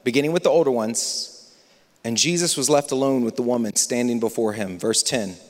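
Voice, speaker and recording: A man preaching a sermon as pastor, moving between hushed, near-whispered passages and loud, impassioned stretches. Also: mid-range voice, fairly quick. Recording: long reverb of a large hall.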